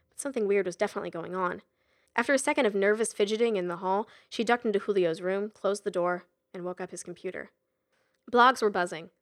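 A woman narrating an audiobook in a measured storytelling manner. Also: mid-range voice. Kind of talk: scripted narration.

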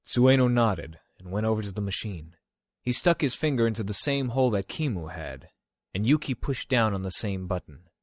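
Man reading an audiobook, low voice, steady measured delivery, dry sound. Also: no echo. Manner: measured, even storytelling. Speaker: narrator. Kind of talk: audiobook narration.

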